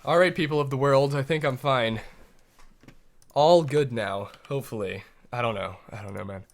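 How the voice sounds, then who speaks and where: A young man commentating his own gameplay on a live stream from a home desk mic. He rambles to himself and his viewers, tossing in playful boop sounds. His pitch sits in an ordinary middle range. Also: normal speed. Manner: rambling self-talk with playful boop noises.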